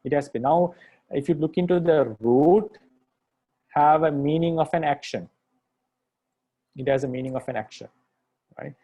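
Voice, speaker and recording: Mellow-voiced monk patiently teaching grammar. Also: male voice, on the high side, moderate pace, pauses often. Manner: patient, repetitive, restates points with "right?". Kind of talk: explanatory lecture.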